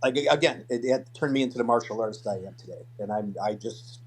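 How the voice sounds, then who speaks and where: Older man, martial arts guest, casual interview, animated storytelling, repeats words. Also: medium pitch, a little fast, breathy edge.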